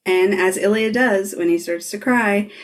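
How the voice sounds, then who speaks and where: A woman's voice: medium pitch, measured pace. A woman hosting a podcast, retelling a scene in casual talk, laughing often and swearing freely. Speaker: podcast host.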